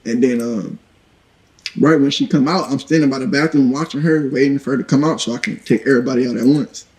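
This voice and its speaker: Man, interview guest, blunt storytelling, swears freely, matter-of-fact, mid-pitched voice. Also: quick pace, darkish tone, low-quality recording. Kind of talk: recounting a violent story in an interview.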